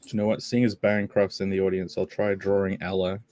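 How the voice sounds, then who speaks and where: A man's voice: deep voice, level tone, fairly quick, a little mellow, no room sound. A young man hosting a casual livestream, reading chat messages aloud and laughing often. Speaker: livestream host.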